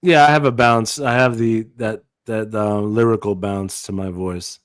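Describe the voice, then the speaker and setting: A man's voice: on the low side, fairly even intonation, measured pace, dry recording, clean studio sound. A man in a casual comedy chat, blunt and emphatic, swearing freely as he makes his point. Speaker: podcast co-host.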